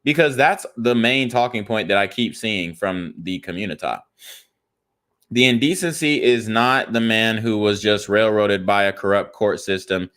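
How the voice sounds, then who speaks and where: A man's voice: fairly low pitch, a bit bright, clear, resonant tone. A young man hosting political reaction commentary, angrily reading viewer comments and a news article aloud with frequent profanity. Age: young adult. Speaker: commentary channel host.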